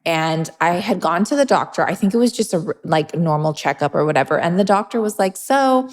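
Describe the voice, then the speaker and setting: A woman's voice: lowish voice, brisk, big-room sound. A woman interviewing a guest in a casual podcast chat, telling stories and acting out the dialogue in them. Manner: chatty storyteller, acts out quoted dialogue.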